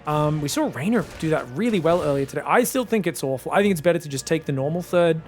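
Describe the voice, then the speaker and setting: A man giving solo esports commentary in a chatty, joking way with excitable asides. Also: a little high, fast, soft background music. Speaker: esports caster.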